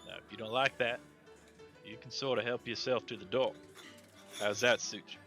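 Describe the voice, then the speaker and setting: A man voicing a smooth-talking, sly half-elf cardsharp with a folksy, soothing manner. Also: mid-range voice, steady tone, moderate pace, sharp tone, soft background music, natural voice.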